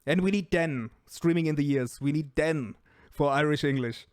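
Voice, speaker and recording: Playful male host, higher voice. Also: moderate pace, a little mellow, clean tone, dry recording, clean studio sound. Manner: playful, teasing. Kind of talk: casual chat.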